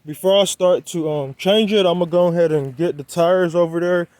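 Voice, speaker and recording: A young car vlogger chats loosely with viewers while working on his car on a quiet roadside, a little out of breath and calling his audience "y'all." His voice sits high and a little mellow at normal speed, with no room sound.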